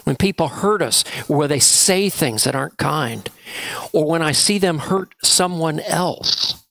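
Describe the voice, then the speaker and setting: A man's voice: fairly high pitch, a little slow, gravelly, fairly bright tone, no room sound. A man leading a children's story time in church, asking the children playful questions. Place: church sanctuary.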